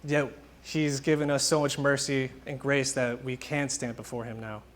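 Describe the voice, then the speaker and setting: A man's voice: mid-range voice, normal speed, a little hiss or hum. A young man preaching a casual, conversational sermon, telling stories and acting out quotes informally. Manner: informal, animated storytelling with acted-out quotes.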